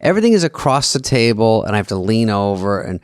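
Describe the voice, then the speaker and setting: A man's voice: on the low side, sing-song, quick pace, clear, resonant tone, no echo, clean studio sound. A man co-hosting a podcast, telling wry, profane stories in casual comedic chat. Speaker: podcast co-host.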